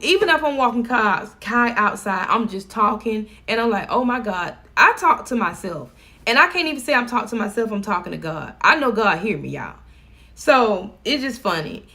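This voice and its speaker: Gravelly-voiced chatty woman vlogger. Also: mid-range voice, big pitch swings, normal speed, pushed and bright. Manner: chatty, laughing, addresses viewers as y'all. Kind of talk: casual chat to viewers.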